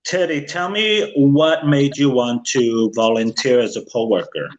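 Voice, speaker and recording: A man hosting a casual stream, taking his time as he welcomes a guest and asks about his day. His voice sits at an ordinary pitch and stays plain. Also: measured pace, lo-fi sound. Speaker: host introducing a guest.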